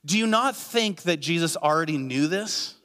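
Man, pastor, sermon, slightly high voice, earnest, rhetorical questions, long hall reverb. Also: expressive, normal speed, bright, forceful tone. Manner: earnest, uses many rhetorical questions and repetition.

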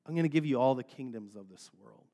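A man's voice: medium pitch, quick pace, mellow, voice pushed down, close to an everyday voice. A man preaching and voicing the devil, who coaxes with easy promises. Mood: coaxing. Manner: coaxing, persuasive, cajoling. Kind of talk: sermon retelling.

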